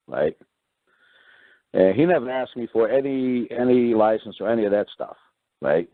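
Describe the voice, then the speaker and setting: A man casually telling a story, acting out what others said in a higher voice and often adding "right?" and clearing his throat. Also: normal speed, no echo. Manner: animated retelling, acts out quoted voices higher, keeps adding "right?". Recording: dry tinny phone-line sound.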